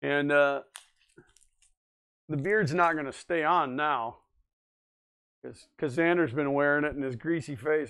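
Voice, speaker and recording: A man's voice: fairly high pitch, moderate pace, pauses often, a bit bright, clean tone. A man hosting a livestream, chatting casually and reading viewer comments aloud, easygoing and often laughing. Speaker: livestream host.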